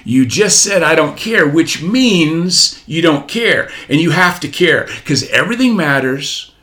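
A man's voice: a little high, animated, a little slow, bright, forceful tone. A man in his forties giving a motivational talk, preachy, repeating key phrases and asking rhetorical questions. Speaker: motivational speaker.

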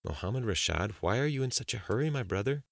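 A man putting on a slow older schemer with an Arabic accent. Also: mid-range voice, animated, creaky, dry recording, pitched above the performer's own voice. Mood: measured. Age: 60s. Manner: slow, deliberate, emphatic. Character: older man with thick-tongued accent, calm conspirator.

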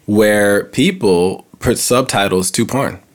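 A man's voice: lowish voice, slow pace. A man in casual chat, telling rambling stories with lots of filler.

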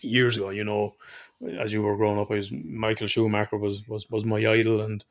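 A man's voice: on the low side, little pitch movement, fairly quick. An Irish man telling rambling stories in casual podcast chat and swearing freely. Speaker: podcast co-host.

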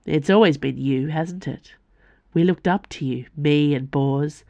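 A woman's voice: low voice, measured pace, gravelly, darkish tone, no echo, muffled recording. A woman voicing a furious young male assassin whose voice trembles with anger as he accuses a former mentor. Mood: angry.

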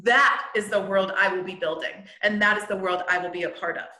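A woman hosting a podcast as a healer business coach, talking in an excited, blunt casual monologue and swearing freely. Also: mid-range voice, a little fast. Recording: roomy echo.

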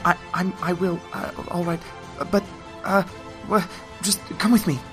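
A man voicing a small, earnest kobold guide who talks in halting, sobbing bursts. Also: high-pitched, fairly even intonation, fairly bright tone, faint music behind, pitched above the performer's own voice. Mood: tearful pleading.

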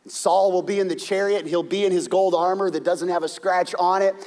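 A middle-aged man preaching a sermon as pastor, telling the story dramatically with shouts and hushed whispers. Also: sits high, fairly even intonation, brisk, long reverb tail.

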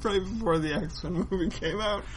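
A man of Irish heritage living in the US co-hosts a casual comic-book podcast, telling stories packed with swearing and laughter. His voice is high and his speed normal, with background noise present.

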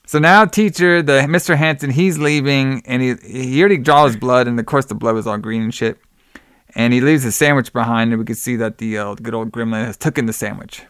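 A man's voice: medium pitch, moderate pace, a bit bright, smooth, no room sound, studio quality. A man co-hosting a podcast, recapping a film scene by scene and acting out the characters' lines. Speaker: podcast co-host.

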